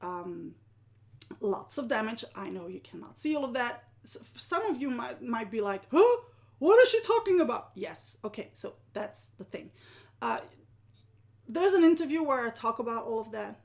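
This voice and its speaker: A woman, a live-streaming art journaling teacher who often sinks into a soft whisper and laughs at herself. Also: on the high side, animated, normal speed, vocal fry. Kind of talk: live-stream talk to viewers.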